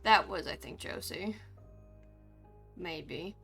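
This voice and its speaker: A woman streamer recounting her character's story in a roleplay game, animated and frustrated, swearing freely. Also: on the low side, takes it slowly, soft background music.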